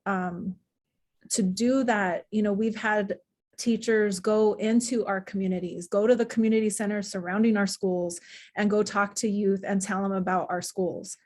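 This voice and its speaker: A woman's voice: medium pitch, darkish tone. Thoughtful woman speaking in a webinar. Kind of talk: webinar talk.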